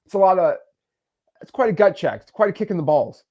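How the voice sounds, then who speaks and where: A man hosting a blunt, animated coaching monologue, often tagging his points with "right?". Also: sits high, a little fast, lo-fi sound. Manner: blunt, animated, talks to the viewer, frequent "right?" tags. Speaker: host.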